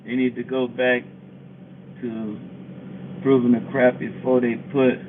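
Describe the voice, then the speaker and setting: Man, truck driver live-streaming from his cab; animated, repeats himself when worked up; phone-quality sound. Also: mid-range voice, measured pace, slight background noise. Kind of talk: casual livestream chat reading comments. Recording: tinny phone-like audio.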